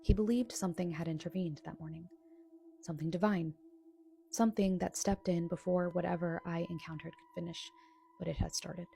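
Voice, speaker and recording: Brief: woman, low gravelly voice, mellow tone, scripted spooky narration, faint hiss behind. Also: steady tone, fairly quick. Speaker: storyteller. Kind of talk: scripted narration of a true scary experience.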